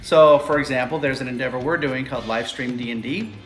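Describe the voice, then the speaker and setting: A man's voice: mid-range voice, fast talker. Male podcast co-host, rambly and jokey, in an echoey room with faint music behind. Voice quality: rambling, jokey, many "uh" fillers. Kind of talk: casual chat.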